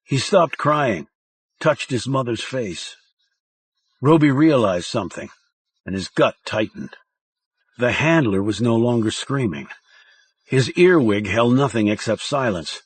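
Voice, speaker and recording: Brief: husky male narrator for a thriller audiobook, slow and very expressive, dry studio sound. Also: mid-range voice, no echo. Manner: slow, measured, dramatic reading.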